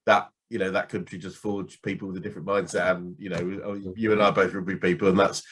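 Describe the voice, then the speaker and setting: A man's voice: low-pitched, level tone, brisk, fairly bright tone, breathy edge. A man interviewing a business guest in casual chat, hesitant with many restarts and fillers.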